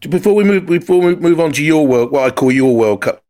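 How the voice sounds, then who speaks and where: A man hosting a podcast, asking a guest questions in a halting way that restarts phrases often. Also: on the high side, expressive, dark tone. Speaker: podcast host, football commentator. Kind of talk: interview questions.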